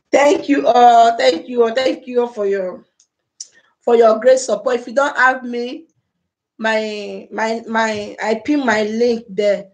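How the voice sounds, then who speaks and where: A woman's voice: fairly high pitch, fairly even intonation, slow pace. A Nigerian woman hosting a casual livestream on a phone or laptop mic, repeatedly pleading with and effusively thanking her viewers. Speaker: livestream host.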